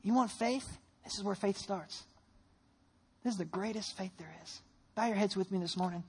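Speaking at a moderate pace in a husky voice, a pastor gives a church sermon built on a story and lively rhetorical questions. His prayers come in soft, low tones.

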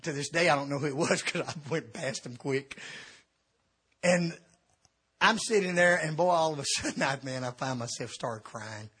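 A middle-aged man, an evangelist, telling a comic story in a sermon, swinging between shouting and quiet confession. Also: fairly high pitch, animated, moderate pace, breathy edge. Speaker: evangelist preacher.

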